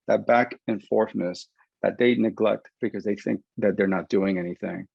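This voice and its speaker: A man working as a concussion rehab clinician, giving an animated explanatory webinar talk over a video call. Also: on the low side, moderate pace, gravelly, husky, dry recording. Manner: animated, explanatory, acts out patient quotes. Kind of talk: webinar presentation. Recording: dull lo-fi dry webinar audio.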